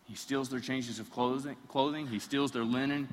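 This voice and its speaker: A man preaching a sermon, retelling a story in an animated way with playful asides. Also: medium pitch, moderate pace. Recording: reverberant hall.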